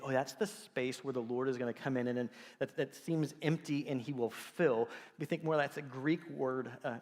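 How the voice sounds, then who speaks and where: Telling stories with energy and dramatizing the quotes, a middle-aged man preaches as pastor in a church sanctuary. His mid-range voice has a big-room sound.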